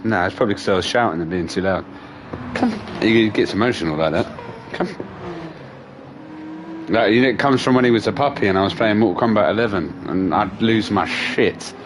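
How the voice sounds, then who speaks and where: A man's voice: lowish voice, fairly quick, background noise. A young man, a livestream host, telling stories in casual chat, laughing often and swearing freely. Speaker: streamer host.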